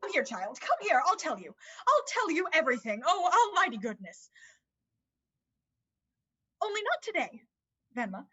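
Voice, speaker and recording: A woman's voice: high-pitched, big pitch swings, normal speed, long pauses, bright, forceful tone, heavily acted. A woman voicing a flustered, fussing mother in an amateur online play reading, evasive and bustling. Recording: dull lo-fi sound.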